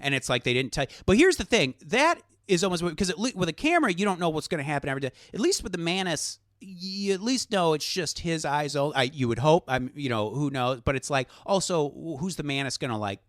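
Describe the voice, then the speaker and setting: Animated man telling a story on a podcast. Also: a little high, fast, few pauses, dry recording, studio quality. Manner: animated storytelling with swearing and many fillers. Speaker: podcast co-host. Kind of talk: casual chat.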